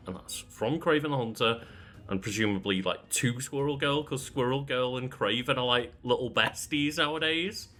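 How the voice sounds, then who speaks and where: A man's voice: medium pitch, normal speed, pushed and bright. A man co-hosting a podcast, chatting casually and wryly with frequent laughter. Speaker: podcast co-host. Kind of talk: casual chat.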